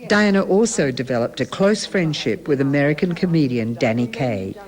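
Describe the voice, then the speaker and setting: A narrator reading a scripted biographical segment in a measured, even way. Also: mid-range voice. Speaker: documentary narrator. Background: music.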